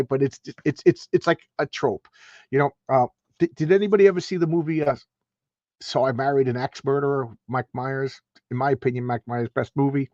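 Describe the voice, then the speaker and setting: A man's voice: medium pitch, darkish tone, dry recording, dull audio. A man hosting a casual comic book review, talking in a rambling, enthusiastic way with many restarts and asides. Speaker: comic book show host.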